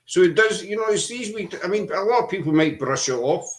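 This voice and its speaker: A middle-aged man hosting a podcast, telling his story earnestly over a video call, halting often with fillers. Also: high-pitched, animated, slight background noise. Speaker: podcast host. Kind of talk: casual chat.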